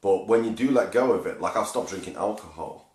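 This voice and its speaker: A man's voice: lowish voice, fairly quick, darkish tone. A man hosting a podcast, talking casually and reflectively, with lots of fillers and asides. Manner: reflective, rambling, with many fillers. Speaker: podcast host. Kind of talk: casual chat. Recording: echoey room.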